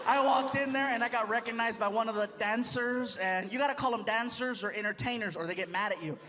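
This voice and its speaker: A Mexican-American stand-up comedian telling stories with animated energy, often laughing at his own jokes. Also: very high voice, fast talker. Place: large comedy venue. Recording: live hall with loud crowd and laughter.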